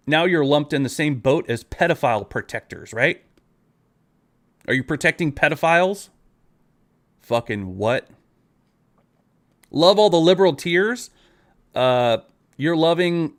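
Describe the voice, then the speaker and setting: A man's voice: fairly high pitch, big pitch swings, a little slow, pauses often. A man ranting at his viewers in a live video, profane and exasperated, talking straight at them. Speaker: online creator.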